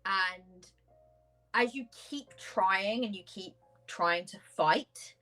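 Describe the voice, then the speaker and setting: A woman narrating a tabletop horror game as game master, halting with many fillers. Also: medium pitch, pushed and bright, poor audio. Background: faint background music.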